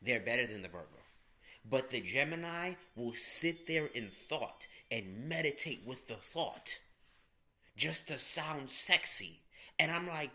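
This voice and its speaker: A man's voice: medium pitch, lively intonation, measured pace, pushed and bright. A man, ranting bluntly and casually as an astrology host, swearing and using slang. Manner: blunt, profane, slangy, emphatic. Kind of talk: casual direct-to-camera rant.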